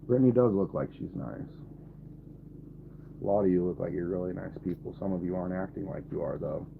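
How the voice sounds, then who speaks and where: A man's voice: low voice, a little fast, creaky, slight background noise. A man in his twenties live streaming and talking to his chat, blunt and irritated, swearing often. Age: 20s. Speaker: livestreamer. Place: camper. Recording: tinny phone-like audio, faint ambience.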